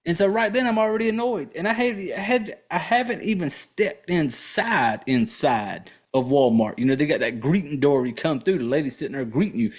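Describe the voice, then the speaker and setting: A man's voice: a little high, animated, moderate pace, few pauses. A man hosting a podcast, telling a profane, exasperated story in a casual ranting monologue. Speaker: podcast host.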